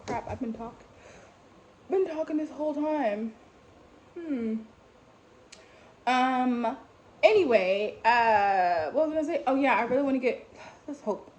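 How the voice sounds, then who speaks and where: A young woman with a New York accent telling a story in a casual vlog, animated and full of fillers as her outrage builds. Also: sits high, unhurried, pauses often, muffled recording. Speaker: vlogger. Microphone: phone. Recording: faint background noise.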